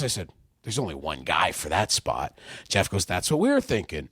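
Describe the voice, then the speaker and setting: Animated Canadian man telling wrestling stories. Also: on the low side, a little fast, no room sound, studio quality. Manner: animated storyteller, acts out others' lines in raised voices. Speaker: podcast guest, wrestling manager and producer. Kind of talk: casual storytelling interview.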